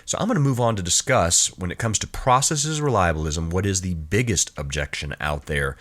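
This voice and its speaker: A man with a deep, low voice delivers a recorded philosophy lecture. His pitch swings widely as he stresses key words. He explains patiently and asks rhetorical questions along the way. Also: animated, fairly quick, fairly bright tone.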